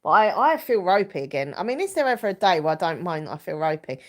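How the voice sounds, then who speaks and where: A woman's voice: on the low side, very animated, quick pace. A woman, hosting a casual live stream chat, bunged up with a cold and rambling as she reads out viewer comments. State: stuffy nose from a cold.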